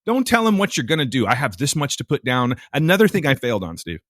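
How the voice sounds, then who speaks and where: A man co-hosts a podcast, telling a story at a fast clip in a medium-pitched voice. He's casual and exasperated, swearing a lot as he animates the tale. The recording is dry and studio quality.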